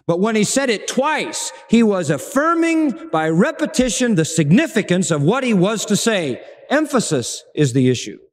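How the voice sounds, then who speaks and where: A man preaching a sermon, animated and dramatic, acting out the lines he quotes. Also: sits high, normal speed, hardly any pauses. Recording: long reverb of a large hall.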